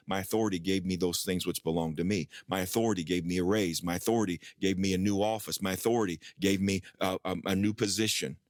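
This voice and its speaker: Man, preacher, low pitch, dry, lively storytelling, acts out voices. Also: no room sound. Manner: animated storyteller, acting out dialogue with rising pitch. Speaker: pastor. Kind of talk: sermon storytelling.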